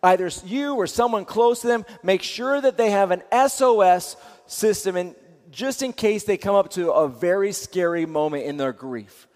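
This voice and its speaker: A man with a notably high voice gives earnest sermon-style teaching. He repeats his phrases and often restarts mid-sentence. His voice carries a long reverb, as if in a large hall. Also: moderate pace, a little mellow.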